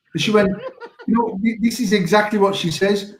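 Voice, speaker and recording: A man, co-hosting a podcast and telling long, profane, animated stories in casual chat. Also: high voice, moderate pace, pauses often, echoey room, poor audio. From England. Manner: swears a lot, animated storytelling. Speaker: podcast co-host.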